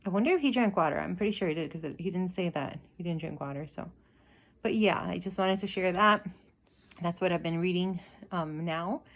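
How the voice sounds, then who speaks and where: A woman's voice: lowish voice, brisk. A woman casually talking through her Bible reading in a vlog, retelling stories in a chatty, amused way with plenty of "like". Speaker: vlogger sharing Bible reading.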